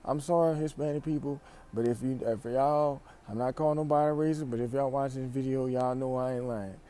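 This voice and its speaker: A young man from Louisiana with a Louisiana accent, giving an animated, emphatic slang-filled vlog monologue in a store aisle, recorded on a phone camera. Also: mid-range voice, fairly quick. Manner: animated, emphatic, repeats phrases, speaks in slang. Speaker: vlogger.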